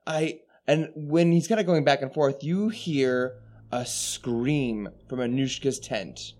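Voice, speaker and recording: A man running a tabletop game as games master, narrating in a casual, animated way. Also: medium pitch, slow pace.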